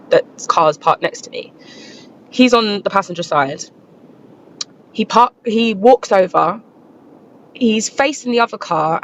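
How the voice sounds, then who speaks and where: A young woman talks straight to camera, her telling shaken and tumbling with fillers. The sound is a bit dull and lo-fi, with a faint low hum behind her. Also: creaky. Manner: shaken, breathless retelling full of fillers. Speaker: eyewitness telling her own story. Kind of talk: casual first-person storytelling to camera. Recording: slightly dull lo-fi recording.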